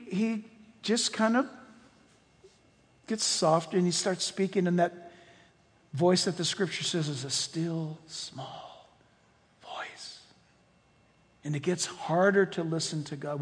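A man preaching a sermon to his church, animated, swinging between loud exclamations and hushed, nearly whispered passages. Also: high-pitched, unhurried, long pauses, slightly rough. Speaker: pastor. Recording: long hall reverb.

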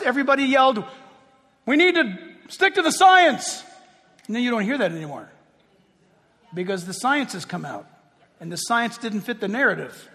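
A man delivers a sermon in a strikingly high voice with a husky edge. His delivery leaps up and down as he throws rhetorical questions at the room. A long reverb trails each phrase through the large sanctuary. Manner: animated, peppered with rhetorical questions to the congregation. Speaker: pastor.

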